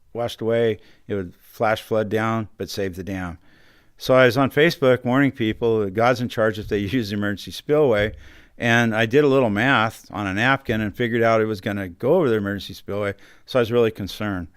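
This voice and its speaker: A man's voice: fairly low pitch, moderate pace, smooth, no room sound. A middle-aged man, a county supervisor, earnestly telling his story as a studio guest and acting out the phone calls he quotes. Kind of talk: recounting a personal story in an interview. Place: radio studio.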